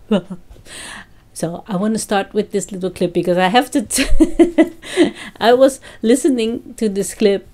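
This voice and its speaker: A woman vlogger with a lowish, mellow voice chats casually to her fans while telling a story. She laughs often and keeps breaking off and restarting.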